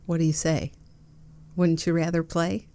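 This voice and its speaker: A middle-aged woman hosts her solo podcast from her home desk, with a slightly low voice. She chats casually, giggling often and jumping up into bright, excited notes when something delights her. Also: a little slow. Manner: playful, giggly and affectionate, with bursts of excited high notes. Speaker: podcast host.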